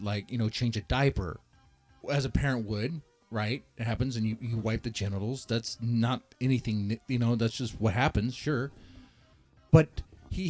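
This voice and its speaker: Animated mocking male streamer. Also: medium pitch. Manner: mocking, rambling with many restarts. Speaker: commentary streamer. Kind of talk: casual commentary.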